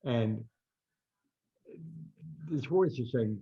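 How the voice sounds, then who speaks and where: Older male storyteller, gravelly, husky, animated, dull lo-fi audio. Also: mid-range voice, moderate pace. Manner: animated storyteller, acts out quotes loudly. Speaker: guest boxing writer. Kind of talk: storytelling interview.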